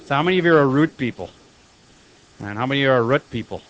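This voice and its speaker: A man teaches math to a room of students, talking in a loose, chatty way. He keeps stopping to quiz the class with quick questions. His voice sits at an ordinary middle pitch. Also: expressive, a bit bright, dull audio. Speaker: high school math teacher. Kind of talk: classroom lecture.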